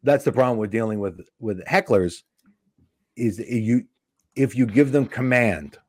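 A man's voice: medium pitch, unhurried, no room sound, studio quality. A middle-aged man, a stand-up comedian, telling a story in a casual talk, acting out the people in it. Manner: animated storytelling with acted-out voices. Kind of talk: storytelling on a podcast.

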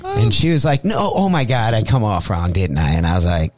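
A male comedian from St. Louis telling a crude story on a radio show, profane and animated, acting out the voices in his tale. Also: on the low side, fairly quick. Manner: profane, animated, acts out quotes. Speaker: comedian guest.

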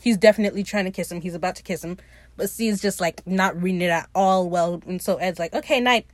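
Excited woman gushing over a show. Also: lowish voice, fast, no echo. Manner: animated, gushing and swearing, acts out the characters' lines. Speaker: podcast host recapping a TV episode. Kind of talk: casual solo commentary.

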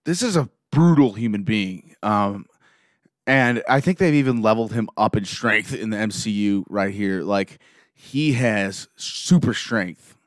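A man excitedly recapping a show episode scene by scene, gushing like a fan. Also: on the low side, unhurried, dry recording, studio quality.

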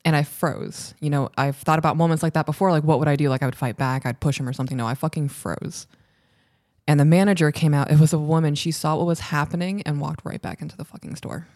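A woman's voice: deep voice, fairly even intonation, quick pace, darkish tone, no echo. Candid woman telling a story, dry sound. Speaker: podcast co-host. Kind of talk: casual podcast conversation.

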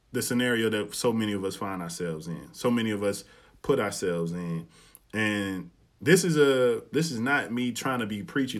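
Speaking in AAVE, this podcast host delivers casual solo commentary through animated stories. When he quotes people he acts them out, his pitch climbing, and he curses without restraint.

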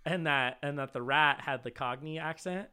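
A man talking in a casual, chatty way, drifting into stories and swearing freely. His voice is bright and forward, with a smooth, clean, resonant tone. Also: fairly high pitch, normal speed. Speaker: podcast co-host and writer. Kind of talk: casual chat.

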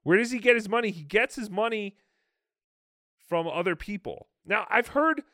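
Man, sarcastic commentary, animated pitch, dry close sound. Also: moderate pace, no room sound. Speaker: show host. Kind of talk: casual commentary over a clip.

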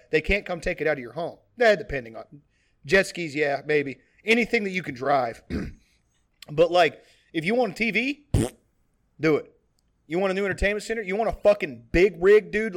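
A man in his twenties co-hosting a podcast, chatting casually in a rambling, profane way with lots of "like". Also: a little high. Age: 20s. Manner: rambling, profane, many fillers. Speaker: podcast co-host.

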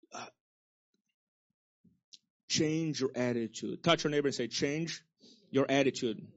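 A male pastor preaching a sermon with call-and-response to the congregation, swinging between loud exhortation and soft low asides. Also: measured pace, pauses often. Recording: dull lo-fi sermon recording.

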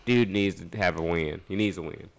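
Male podcast co-host, lower register, loose casual banter. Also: normal speed, creaky. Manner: relaxed, laughing, swearing, filler-heavy. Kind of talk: casual chat.

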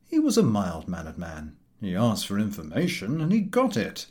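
A man's voice: lowish voice, huge pitch swings, moderate pace, darkish tone. A man voicing a mild, cautious newspaper chief. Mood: placating.

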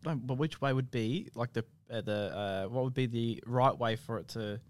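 A man's voice: mid-range voice, moderate pace. A man co-hosting a casual podcast, asking rambling questions full of "like" and "obviously". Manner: rambling, heavy with "like" and "obviously", swears. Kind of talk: casual chat.

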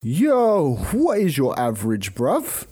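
A man's voice: a little high, huge pitch swings, slow pace, dark tone, breathy edge, dry recording, studio quality. A young man with a London accent co-hosting a podcast in laid-back, jokey banter. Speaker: podcast co-host. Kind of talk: casual banter.

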